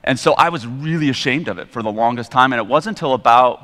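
A man's voice: mid-range voice, quick pace, a bit bright. A middle-aged man giving a candid, rambling personal testimony from the stage, a bit self-deprecating. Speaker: guest speaker at church. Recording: long reverb in a large hall.

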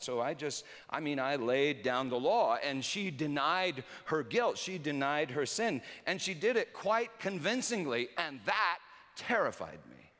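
A man preaching a sermon through personal stories, swinging between loud emphasis and hushed quiet. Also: fairly high pitch, lively intonation, unhurried. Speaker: pastor. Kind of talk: storytelling sermon. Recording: reverberant hall.

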